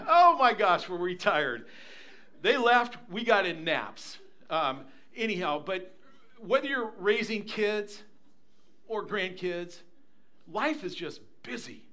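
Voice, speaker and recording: Animated, high-voiced older male preacher. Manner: animated, acts out voices in anecdotes. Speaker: pastor. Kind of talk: sermon with storytelling.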